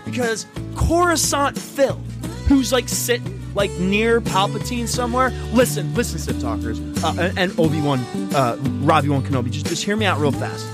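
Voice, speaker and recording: A podcast co-host chatting casually, animated and swearing, jumping into loud outbursts. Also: medium pitch, a little fast, hardly any pauses. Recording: guitar music behind the voice.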